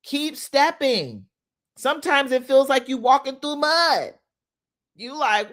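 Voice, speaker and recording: A middle-aged woman, giving a motivational talk on a phone livestream, emotional and quick to laugh. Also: sits high, lively intonation. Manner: laughs often, preachy, emotional. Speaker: inspirational speaker.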